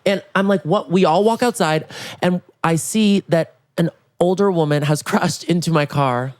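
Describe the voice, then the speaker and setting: Animated young man telling stories. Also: on the high side, no echo, clean studio sound. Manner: animated storyteller, quick jokes. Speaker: podcast host. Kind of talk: casual chat.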